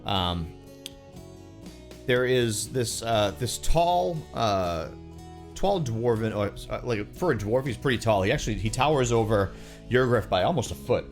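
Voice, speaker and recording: A man narrating as game master of a tabletop game, relaxed, with lots of fillers. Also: mid-range voice, measured pace, faint music behind.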